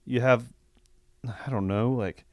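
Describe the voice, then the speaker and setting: A man co-hosting a podcast in casual chat, earnest and halting, steering the discussion. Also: medium pitch, steady tone, dry recording, clean studio sound. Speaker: podcast co-host steering the talk.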